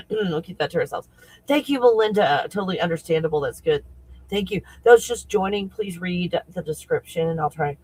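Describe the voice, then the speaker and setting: A man who works as a spiritual coach talks casually on a livestream, excitable and rambling, often breaking into laughter. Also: sits high, normal speed, slightly rough, dry recording, low-quality recording.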